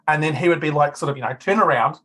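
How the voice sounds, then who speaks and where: A man's voice: fairly high pitch, racing, bright, forceful tone, poor audio. A man narrating as game master of a tabletop game, stopping and restarting often. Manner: hesitant, many fillers and restarts.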